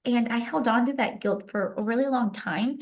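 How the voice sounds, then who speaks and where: A woman's voice: on the high side, moderate pace. A young adult woman, a guest author, telling a personal story in an interview with emotion and many casual "like" fillers. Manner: emotional, animated retelling with frequent "like" fillers.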